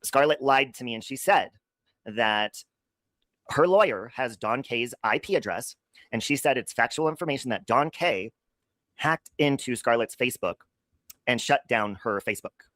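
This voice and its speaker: Male stream host, gossipy and profane, lively pitch, dry close sound. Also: moderate pace, no echo. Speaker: livestream host. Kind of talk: casual livestream chat.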